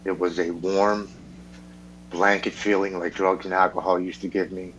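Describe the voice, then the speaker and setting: A man with a fairly low voice tells his personal story frankly on a podcast. He swears freely and acts out what the other people in his story said. A faint hum sits under the recording. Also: flat delivery, moderate pace, fairly bright tone, highs cut off. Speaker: podcast guest.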